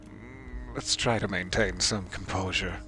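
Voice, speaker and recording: A man's voice: fairly low pitch, unhurried, pushed and bright. A man streaming a game, joking and reading the hero's lines aloud, slipping into mock panic. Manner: jokey, reads dialogue aloud, swings into mock panic. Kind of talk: casual gameplay commentary.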